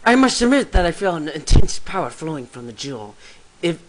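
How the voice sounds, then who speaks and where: A man voicing a skeptical older male chairman of an assembly in a video game, speaking in a measured, doubting way. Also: on the high side, very animated, slight background noise.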